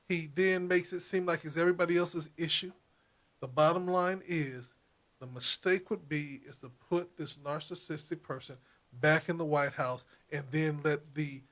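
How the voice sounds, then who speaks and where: Co-hosting a political talk show, this man has a fairly high, somewhat bright voice. His emphatic style relies on repeating himself, and he ramps up in intensity the way a preacher would.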